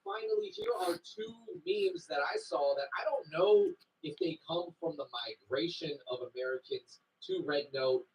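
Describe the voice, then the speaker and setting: A man with a slightly raised voice explains things in measured video commentary. He sounds a bit distant from the mic. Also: fairly high pitch, very animated, vocal fry, a little hiss or hum.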